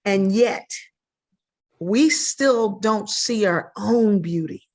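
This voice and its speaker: A woman's voice: mid-range voice, very slow. An older woman, a sociologist guest on a podcast, telling stories with energy and acting out the voices she quotes. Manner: animated, acts out quoted voices. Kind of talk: storytelling in a podcast interview.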